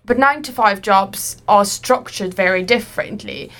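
A woman lays out her reasoning in a steady, measured manner, explaining each step calmly. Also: medium pitch. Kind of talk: casual podcast chat.

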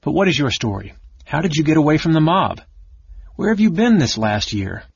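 A man reading the part of a young soldier, steady and sympathetic toward his cousin. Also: lowish voice, moderate pace, husky, no echo. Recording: dull lo-fi recording.

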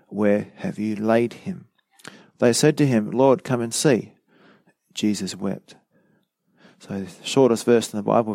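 A man's voice: lowish voice, a little mellow, no echo. A man preaching a sermon, teaching in a conversational way with frequent fillers like "you know.".

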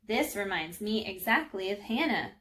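A woman's voice: medium pitch, very animated, moderate pace, fairly bright tone. A woman doing a tiny, cheeky angel. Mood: playful. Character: tiny cheeky female angel, playful and upbeat. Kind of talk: storybook read-aloud.

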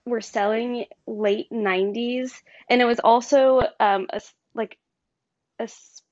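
A woman's voice: fairly high pitch, steady tone, unhurried, darkish tone, no echo, lo-fi sound. A woman in her thirties, a guest in a casual chat, rambling through a story with plenty of fillers and giggles. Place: on her bed.

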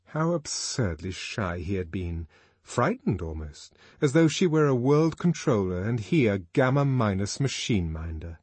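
A man narrating an audiobook in a measured, expressive reading. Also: fairly low pitch, husky, no room sound. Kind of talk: scripted narration.

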